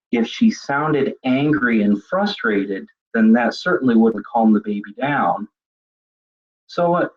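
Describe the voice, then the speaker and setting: Middle-aged male webinar presenter, husky voice, conversational and a bit halting, muffled lo-fi audio. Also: medium pitch. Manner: conversational, repeats words while thinking. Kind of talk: webinar lecture. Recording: dull lo-fi web seminar audio.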